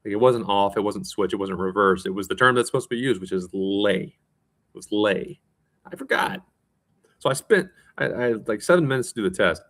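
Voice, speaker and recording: Low-voiced rambling man. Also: lively intonation, brisk, a bit bright. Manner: rambling, self-mocking, with frequent restarts and laughs. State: tired. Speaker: vlogger. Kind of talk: casual rambling monologue.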